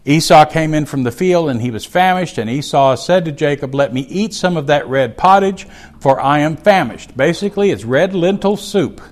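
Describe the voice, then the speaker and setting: A man's voice: fairly high pitch, expressive, normal speed. A man teaching a Bible chapter, reading verses aloud and explaining them in a folksy, conversational way. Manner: reads scripture aloud, then explains it in a folksy aside.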